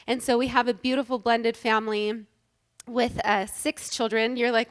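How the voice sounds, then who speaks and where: A woman giving a humorous, self-deprecating inspirational talk to a live audience on stage, animated and joking. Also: a little high, normal speed. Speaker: inspirational speaker at a women's event.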